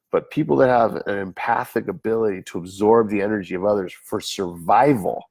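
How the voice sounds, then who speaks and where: A middle-aged man talking casually as a therapist, acting out his own inner voice and little dialogues. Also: medium pitch. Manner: relaxed, conversational, acts out his inner voice and dialogue. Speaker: therapist speaking at a wellness center. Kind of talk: casual talk to camera.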